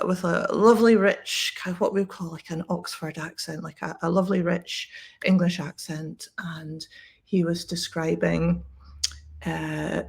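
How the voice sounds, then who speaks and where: A woman's voice: on the low side, creaky, husky. A Scottish woman who teaches English, telling a story to camera in a chatty way with lots of fillers and restarts. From Scotland.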